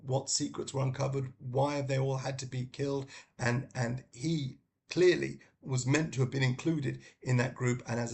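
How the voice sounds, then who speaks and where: Gravelly-voiced man rambling about books. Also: medium pitch, a little mellow. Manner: rambling, many ums and restarts. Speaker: book vlogger. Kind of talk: casual book recommendations.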